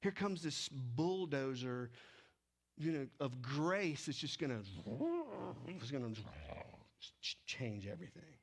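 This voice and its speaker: A man preaching a sermon, with animated delivery that swings between loud emphasis and hushed, low stretches. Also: slow, pauses often. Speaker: pastor.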